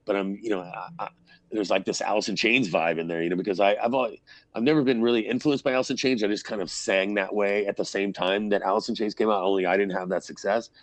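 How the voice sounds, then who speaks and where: A man's voice: on the low side, quick pace, no echo. A man, a band frontman, telling stories in a casual interview, rambling and swearing freely. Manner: rambling storyteller, swears freely, acts out quotes.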